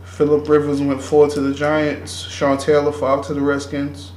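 A man's voice: a little high, completely flat delivery, moderate pace, darkish tone. A man co-hosting a casual sports chat, running through old draft picks in loose, slang-heavy banter. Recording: echoey room with faint background noise.

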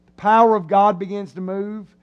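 A male preacher delivers an animated sermon in a church, his voice sitting unusually high. He slips into comic voices to act out his listeners' reactions. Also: normal speed, smooth, muffled recording. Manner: animated, acts out voices of the crowd. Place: church sanctuary.

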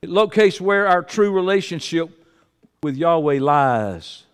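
Mid-sermon, this pastor uses an expressive, measured pace, his smooth and resonant voice pitched very high. A long hall reverb carries him as he moves between loud high exclamations and hushed low asides.

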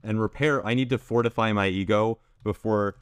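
A young man hosting a gaming video, telling a school story in a sarcastic, deadpan way with lots of restarts. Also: on the low side, moderate pace, clean tone, no room sound, studio quality. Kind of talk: casual storytelling over gameplay.

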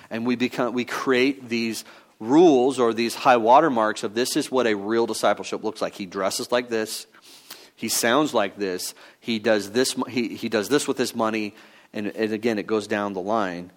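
A man preaching a sermon in a conversational teaching style, pausing with fillers and restarts as he works through his points. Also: fairly low pitch, steady tone. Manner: mock-voices other views in quoted asides. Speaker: pastor.

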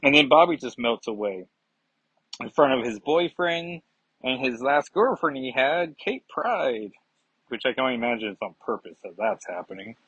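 A man's voice: mid-range voice, very animated, normal speed, a bit bright, breathy edge, dry recording. A man giving a chatty, rambling comic book review, with self-mocking asides. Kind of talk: casual review vlog. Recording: dull lo-fi sound.

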